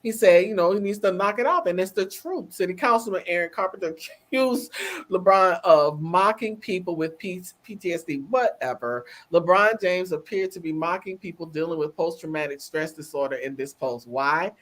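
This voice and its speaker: A woman co-hosting a casual talk show, animated and emphatic, repeating words for effect. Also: fairly low pitch, moderate pace. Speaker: co-host. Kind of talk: casual chat.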